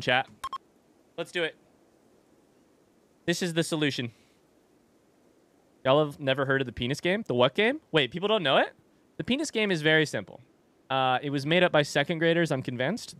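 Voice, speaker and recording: Streaming a game from a room in his home, a man jokes around, swears freely, and addresses his chat in relaxed commentary. His voice is a little high and fairly bright, with no room sound.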